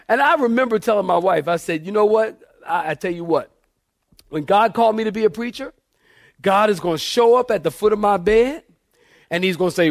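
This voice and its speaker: A man preaching a sermon in church, telling lively stories and acting out the voices of people in them. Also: sits high, normal speed, no room sound. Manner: animated storyteller, acts out quoted voices. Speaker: pastor. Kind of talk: sermon storytelling.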